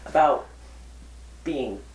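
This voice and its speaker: A woman interviewer gently asking a question, pausing to find her words. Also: rumbling low, animated, distant mic. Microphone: distant from the mic. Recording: roomy, off-mic.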